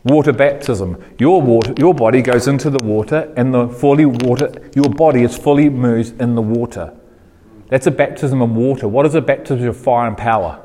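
A man preaching a sermon to a congregation, asking questions and repeating phrases, getting louder and higher when he gets going. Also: a little fast, big-room sound. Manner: animated preaching, rising in pitch when fired up.

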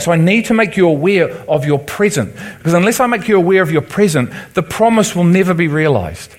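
A man's voice: sits high, animated, brisk, few pauses. Liverpudlian man preaching to his congregation. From Liverpool, England. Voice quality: conversational, asks the room for agreement. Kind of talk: sermon teaching.

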